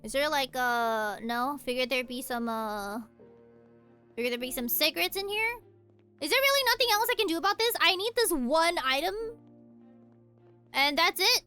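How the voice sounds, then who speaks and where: A young woman streaming a game from home, telling rambling stories in a casual, animated way. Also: sits high, normal speed, long pauses, soft background music. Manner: animated rambling storytelling with frequent laughs. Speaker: VTuber streamer. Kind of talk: casual chat while playing a game.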